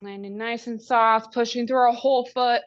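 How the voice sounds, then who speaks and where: Brief: female workout coach, a touch high, unhurried and encouraging, slightly winded, dull lo-fi sound. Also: steady tone. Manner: upbeat, encouraging cues with countdowns. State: out of breath. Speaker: fitness coach. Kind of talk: live workout class instruction. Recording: dull lo-fi recording.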